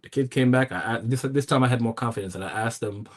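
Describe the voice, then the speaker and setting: A man's voice: a little fast, hardly any pauses. A man as a podcast guest, telling a personal story casually, acting out other people's words with jumps in his voice and frequent restarts. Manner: animated, acts out quoted voices with pitch jumps, many restarts.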